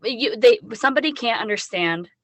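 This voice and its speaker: A woman's voice: on the high side, expressive, moderate pace, a bit bright, no echo. Frank woman podcast host, dry sound. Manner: frank and outspoken, wry asides. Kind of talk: casual interview chat.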